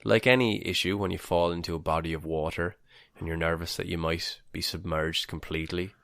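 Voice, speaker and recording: A man co-hosting a podcast, trading dry, deadpan quips in casual banter. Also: deep voice, a little fast, gravelly, no room sound. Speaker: podcast co-host.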